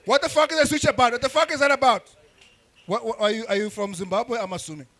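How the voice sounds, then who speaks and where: A young man doing crude, rambling stand-up comedy with frequent restarts and shouted bursts. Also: extremely high pitch, fast. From South Africa.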